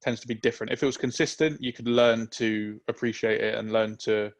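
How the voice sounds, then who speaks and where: A man co-hosting a casual football podcast, giving relaxed, opinionated takes. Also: medium pitch. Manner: relaxed, opinionated, drawn-out reasoning. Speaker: podcast co-host.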